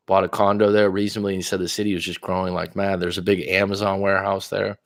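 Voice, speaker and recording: A man's voice: low voice, level tone, fast talker. A man from California hosting a casual coaching livestream, rambling and chatty, swearing now and then. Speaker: life coach livestream host.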